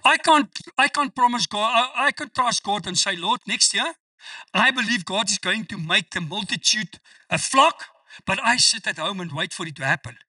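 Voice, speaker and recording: A man preaching with a high, very lively voice that swoops up and down as he stresses his points. His tone is bright and sharp, and he sounds a little far from the mic in a dry space. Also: dry recording. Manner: emphatic preaching, quotes scripture with slow stressed delivery. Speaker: pastor. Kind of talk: sermon.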